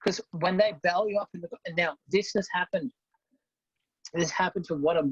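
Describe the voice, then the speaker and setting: A woman's voice: lowish voice, fairly even intonation, moderate pace, breathy edge, no room sound. A woman, co-hosting a casual chat, blunt and swearing freely as she acts out stories. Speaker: podcast co-host. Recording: dull lo-fi sound.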